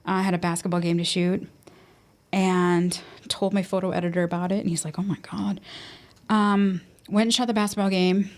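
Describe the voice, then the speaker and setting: A woman's voice: on the low side, flat delivery, fairly quick. A woman casually telling a personal story in conversation, full of ums, casual swearing and nervous laughs. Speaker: podcast host.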